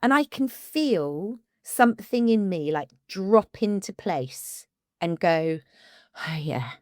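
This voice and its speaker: A woman, an ADHD coach co-hosting a podcast, talking casually and with emotion, often halting and restarting. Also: mid-range voice, expressive, a little mellow, no room sound, studio quality.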